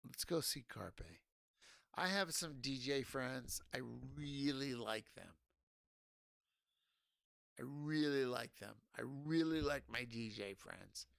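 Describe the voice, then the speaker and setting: A drunk man rants on his stream, angry and profane, stopping and restarting as he goes. His voice is gravelly and his pace is slow and dragging, and the sound is dry and close. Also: medium pitch, lively intonation, a bit bright, no echo. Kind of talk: ranting casual stream talk.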